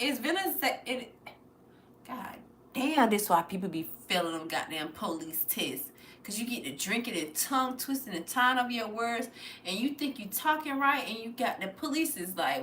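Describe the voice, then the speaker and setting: Bright, animated American woman streaming live. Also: medium pitch, moderate pace, echoey room. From United States. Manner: loud, animated, swings between muttering and shouting; profane, playful. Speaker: livestream host. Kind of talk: casual livestream chat.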